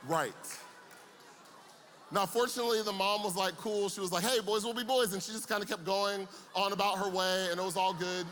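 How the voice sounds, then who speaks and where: A man's voice: high-pitched, steady tone, fairly quick, fairly bright tone. A young man preaching to a youth camp, telling a comic story with playful asides before turning serious. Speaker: camp speaker. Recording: long hall reverb.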